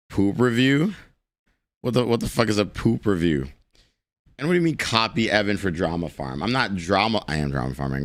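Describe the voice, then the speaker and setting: A man's voice: low-pitched, no room sound. A young man live streaming, chatting casually with his chat, rambling, joking and swearing freely.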